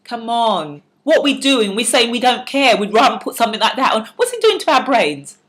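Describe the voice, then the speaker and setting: A woman's voice: on the high side, big pitch swings, normal speed, fairly bright tone. A woman speaking in a fiery, preachy monologue to camera, repeating words and restarting sentences as she presses her point. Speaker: vlogger giving life advice.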